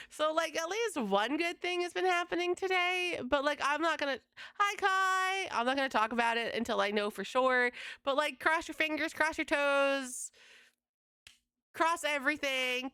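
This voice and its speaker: A young woman livestreaming from home, venting to her chat in a casual, exasperated rant with swearing and quick retellings of conversations. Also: high-pitched, animated, sharp tone, no room sound, clean studio sound. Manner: exasperated, swearing, quoting others in fast retelling. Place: home streaming setup.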